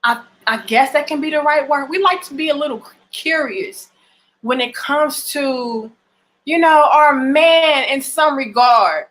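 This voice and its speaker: A woman's voice: high-pitched, a little slow, fairly bright tone. A woman in giving blunt, emphatic relationship advice in a casual vlog, swearing freely and often restarting her phrases. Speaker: relationship vlogger. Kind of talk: casual direct-to-camera advice.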